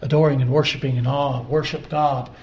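A man preaching a sermon, repeating scripture phrases and building from quiet, drawn-out lines to loud emphatic peaks. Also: mid-range voice, little pitch movement, muffled recording, slight background noise.

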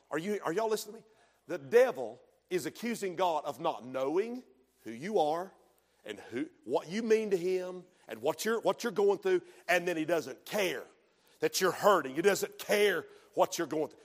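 A middle-aged man preaching a sermon as pastor, dropping to hushed storytelling and rising to shouted exhortation. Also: sits high. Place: church sanctuary. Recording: long reverb of a church hall.

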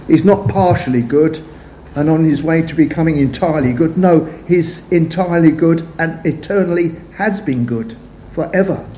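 Older male preacher, unhurried and mellow, slightly high voice, roomy church hall sound. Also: slight background noise. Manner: measured, phrases trailing off softly. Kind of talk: sermon.

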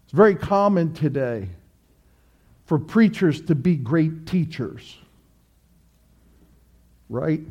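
A man's voice: fairly high pitch, lively intonation, slow pace, long pauses, darkish tone, breathy edge, dull audio. A male pastor preaching an emphatic sermon, repeating his points and asking rhetorical questions.

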